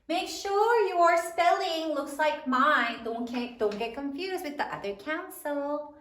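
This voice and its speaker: A woman teacher leading a spelling lesson, slowly sounding out words letter by letter for young pupils. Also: sits high, animated, a bit bright. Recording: echoey room, mic at a distance.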